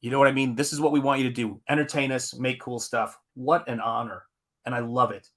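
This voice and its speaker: Male streamer, bright tone, rambling and chatty while reading chat. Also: medium pitch, fairly even intonation, brisk. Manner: rambling, reads chat aloud with fillers. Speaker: comic artist hosting a live stream. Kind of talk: casual live-stream chat.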